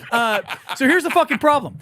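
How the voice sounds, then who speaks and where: A man co-hosting a podcast, telling stories in a loud, animated, profane way and shouting the lines he quotes. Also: very high-pitched, fairly quick. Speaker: podcast co-host. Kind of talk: casual podcast banter. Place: podcast studio.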